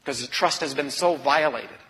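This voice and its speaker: A man, an author and speaker, telling a personal story in an earnest, confessional way that moves from hushed to intense. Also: on the high side, moderate pace. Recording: long reverb of a large hall.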